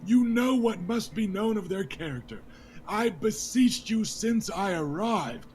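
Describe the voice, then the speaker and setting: Man doing a young noble lord, nervous, pleading, high voice, slow delivery. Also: expressive, a little mellow. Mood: indignant. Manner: pleading, voice on the edge of breaking.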